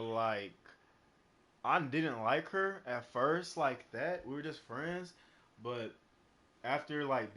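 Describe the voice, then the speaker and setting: A man's voice: medium pitch, fairly bright tone. A young man streaming live, telling a personal story in a rambling, casual way full of fillers and swearing. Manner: rambling, heavy on fillers and profanity.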